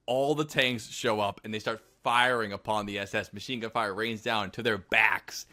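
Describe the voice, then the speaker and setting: A young man co-hosting a podcast, telling a war story in a casual, animated way with plenty of swearing. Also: on the low side, normal speed. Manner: animated, profane storytelling with shouted put-on quotes. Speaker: podcast co-host.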